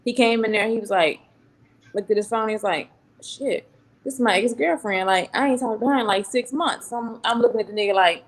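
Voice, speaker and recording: A woman telling a story about a bad date, lively and casual. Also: fairly high pitch, fairly quick. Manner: animated storytelling with acted quotes. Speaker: panel guest.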